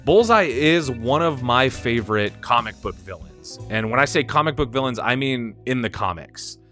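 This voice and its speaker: A man hosting a live stream, talking in a casual, animated way. He laughs often and repeats and restarts his words. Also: medium pitch, moderate pace, soft background music.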